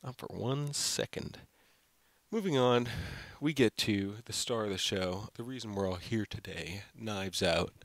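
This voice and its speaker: A man's voice: on the low side, unhurried, a bit bright, dry recording. A young man hosting his own film channel, giving an unscripted, rambling review full of "like" and fillers. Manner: rambling, heavy use of "like" and fillers.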